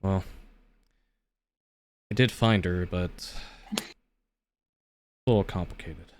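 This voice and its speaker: A man's voice: on the low side, a little slow, slight background noise, voice pushed down, natural voice. A man doing a glum, hesitant young man. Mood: somber. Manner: subdued and hesitant. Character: glum, reluctant young man searching for his sister.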